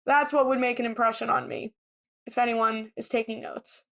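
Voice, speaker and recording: A woman's voice: a little high, fairly even intonation, moderate pace. A woman co-hosting a podcast, chatting casually and airing firm opinions. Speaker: podcast co-host.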